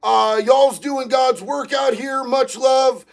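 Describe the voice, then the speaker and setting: A man hosting a casual livestream, reading viewer comments aloud and talking in an excitable, profane way that breaks into shouting. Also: very high voice, slow pace, vocal fry, faint music behind. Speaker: livestream host reading chat.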